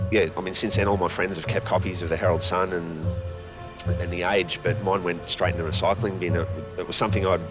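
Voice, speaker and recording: A man with an Australian accent, recalling events in a documentary interview, hesitant and repeating his words. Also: low voice.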